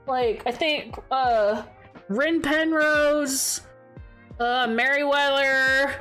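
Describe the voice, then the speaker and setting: A slightly high-voiced woman streamer, tired and a little tipsy, chats in an unhurried way. She gushes like a fangirl and swears freely. Faint music plays behind her. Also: a bit bright. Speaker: VTuber streamer. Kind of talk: casual chat stream.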